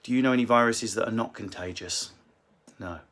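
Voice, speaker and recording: A male comedian with a lowish, somewhat bright voice answers viewer questions in a casual livestream Q&A, swearing and tossing off quick joking asides. He's on a phone in a book-lined room at home.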